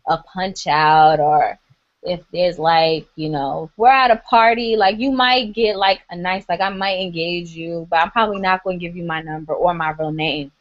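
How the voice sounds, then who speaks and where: A woman's voice: fairly low pitch, normal speed, no room sound. A woman co-hosting a casual podcast talks bluntly and fills every gap with filler words. The recording is dry and a little dull. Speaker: podcast co-host. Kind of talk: casual drunk chat.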